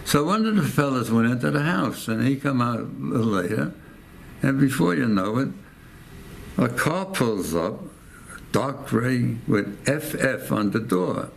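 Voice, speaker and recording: An American man in his 90s rambles through a war story in an oral-history interview, repeating phrases and acting out quoted voices. He has an animated, mid-range voice with vocal fry, a little slow, over slight background noise.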